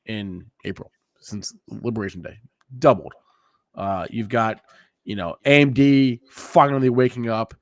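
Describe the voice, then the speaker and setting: A man's voice: lowish voice, measured pace, no echo. A man in a casual market chat show, asking questions with hesitant fillers. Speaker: show co-host.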